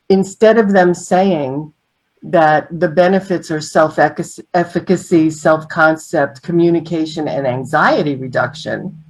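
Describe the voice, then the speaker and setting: A middle-aged woman leads an online training on sales presentations. Her voice sits fairly low, and she teaches in an animated way, full of examples. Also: low-quality recording.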